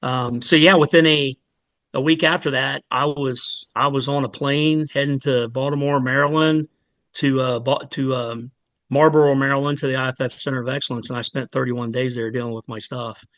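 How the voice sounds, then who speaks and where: Earnest, halting man telling his story. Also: mid-range voice, steady tone, a bit bright, no echo. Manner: earnest, halting, with many restarts and fillers. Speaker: fire department lieutenant, guest. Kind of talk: emotional personal story in a podcast interview.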